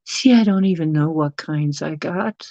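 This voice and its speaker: Rambly livestream host talking slow, reading chat out loud, dead dry sound. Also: medium pitch, no room sound, lo-fi sound. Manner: rambling, chatty, reads chat aloud; coos softly at pets.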